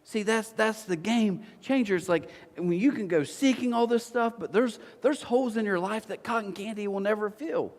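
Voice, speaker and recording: A man's voice: high voice, normal speed, few pauses. Pastor guy preaching, teases the crowd, big church hall with lots of reverb. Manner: joking storyteller, teasing the congregation. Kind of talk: sermon. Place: large church auditorium.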